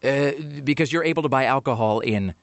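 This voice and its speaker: A man's voice: medium pitch, fairly quick, no room sound. A man hosting a talk radio show, rambling and sardonic, dismissive about the topic. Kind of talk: casual talk radio banter.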